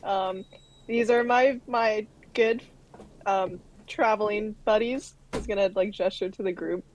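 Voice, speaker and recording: A woman's voice: mid-range voice, steady tone, measured pace, slight background noise, low-quality recording. A woman playing in a tabletop game, speaking hesitantly about her character's actions. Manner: hesitant, nervous. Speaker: player. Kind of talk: casual tabletop play.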